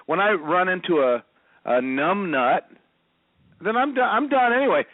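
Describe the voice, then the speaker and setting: A man's voice: high-pitched, expressive, moderate pace, no echo, narrow, tinny audio. A man, an agency owner on a panel, blunt, combative and joking. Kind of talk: heated panel talk.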